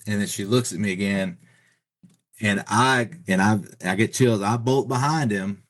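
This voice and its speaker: A middle-aged man speaks in a very low, deep voice. He tells a long personal story in a loose, rambling way, with lots of "you know" and "like." He sounds like an easygoing podcast guest. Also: normal speed. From Texas. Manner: rambling, filler-heavy retelling with many "you know" and "like". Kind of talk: casual storytelling.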